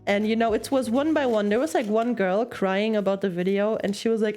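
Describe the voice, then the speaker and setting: A woman's voice: medium pitch, a little fast, hardly any pauses, darkish tone, soft background music. A young woman streaming while she crafts, chatting casually in a rambling way, giggling often and telling puns.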